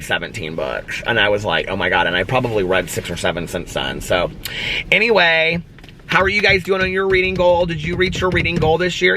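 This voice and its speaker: A man chatting casually to camera as a book vlogger, excitable and emotional, rambling with lots of fillers. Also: mid-range voice, a little hiss or hum. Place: at home.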